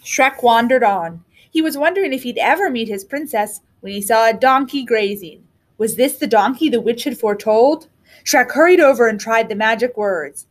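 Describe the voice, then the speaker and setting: A woman teacher reading a picture book aloud to children with expressive storytelling. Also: on the high side, normal speed.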